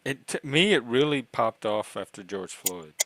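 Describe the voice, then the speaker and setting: A man's voice: medium pitch, expressive, moderate pace, a bit bright, no room sound, poor audio. A man hosting his own livestream, chatting in an easygoing, agreeable way. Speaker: stream host. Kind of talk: casual chat.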